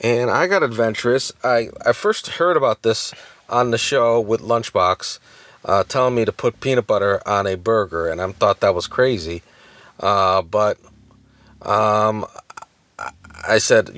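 A man's voice: on the low side, a little slow, a bit bright, dry recording. A man in his thirties co-hosting a podcast in casual chat, hesitant with many fillers and restarts. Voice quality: hesitant, many uhs and self-corrections. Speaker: podcast co-host.

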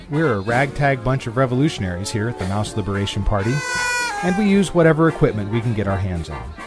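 A man hosting a podcast, reading scripted segments in an upbeat, announcer-like way. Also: medium pitch. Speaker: podcast host.

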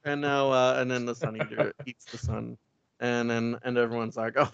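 A man's voice: mid-range voice, little pitch movement, normal speed, vocal fry, a bit bright, clean tone, no echo. A man chatting casually about a comic book, rambling and laughing as he acts out the characters' lines. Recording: dull lo-fi sound, dry.

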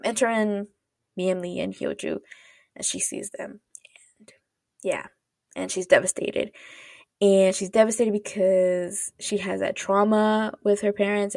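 With a mid-range, darkish voice and vocal fry, this woman hosts a podcast where she chattily walks through a show's storyline. She rambles, leans heavily on "like" and "you know," and acts out characters' lines; the studio-quality sound has no echo.

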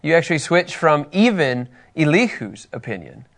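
A man teaching a Bible lesson to a group, reading scripture passages aloud and asking his listeners questions in an animated way. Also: fairly high pitch, moderate pace, creaky.

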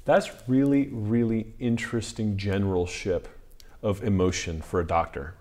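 Brief: host with a very low voice, short encouraging interjections. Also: fairly even intonation, moderate pace, a little mellow. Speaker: podcast host. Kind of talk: interview chat.

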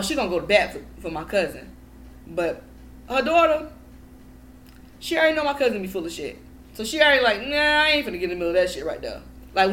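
A woman's voice: fairly high pitch, fairly bright tone, slight background noise. A woman guest on a podcast in casual chat, telling a story in a heated, profane way.

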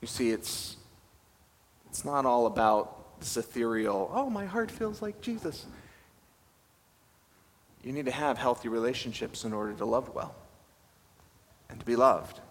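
A man's voice: mid-range voice, fairly even intonation, moderate pace, long pauses. Man preaching in a reverberant hall. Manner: conversational, self-deprecating, asks the listeners questions. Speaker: pastor. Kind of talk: sermon. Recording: reverberant hall with faint ambience.

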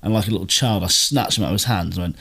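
A British man co-hosting a casual podcast, swearing and teasing in quick banter. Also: sits low, creaky, sharp tone, breathy edge. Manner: rapid, swearing, mocking banter. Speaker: podcast co-host. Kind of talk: casual chat.

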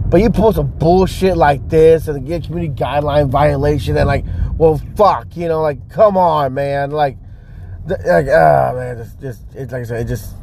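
A man's voice: medium pitch, vocal fry, warm tone. A man vlogging from his car in a rambling, profane, frustrated rant about his videos. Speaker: social media creator. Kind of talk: casual vlog rant while driving. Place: in a car on the road. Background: faint car noise.

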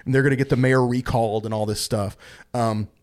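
A man's voice: medium pitch, fairly even intonation, fairly quick, darkish tone. A man co-hosting a podcast, chatting casually about a movie and quoting lines from it. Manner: rambling, quotes lines in put-on voices. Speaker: podcast co-host.

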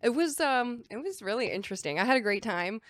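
A woman's voice: fairly high pitch, animated, fairly quick, dry recording. Chatty young woman, dry close sound. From California. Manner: chatty, filler-heavy, laughing. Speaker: podcast guest, producer. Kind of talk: casual podcast chat.

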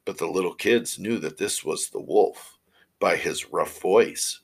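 A man reading old fairy tales aloud in a steady, measured way. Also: deep voice, gravelly, breathy edge, poor audio. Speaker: storyteller.

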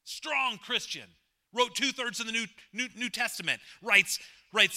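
Bright, emphatic male preacher. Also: very high voice, unhurried. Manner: emphatic preacher, repeats phrases, swings from loud to hushed; jokes with the congregation, asks questions. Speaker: pastor. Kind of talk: sermon.

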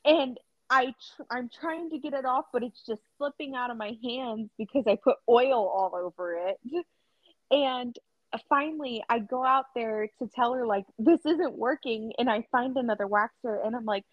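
A young woman telling a work story on a podcast, animated, laughing and acting out quotes with lots of fillers. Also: on the high side, moderate pace, no room sound. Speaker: podcast co-host. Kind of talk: casual storytelling chat. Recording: slightly dull dry sound.

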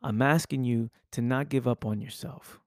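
A man's voice: mid-range voice, fairly even intonation, normal speed, no echo, studio quality. A man hosting a podcast and delivering an intense, preachy motivational monologue full of rhetorical questions. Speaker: podcast host.

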